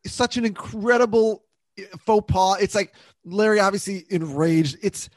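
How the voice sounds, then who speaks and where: A man co-hosting a podcast, chatting casually about a TV episode with quick laughs and self-correcting asides. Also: high voice, no echo, studio quality. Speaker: podcast co-host.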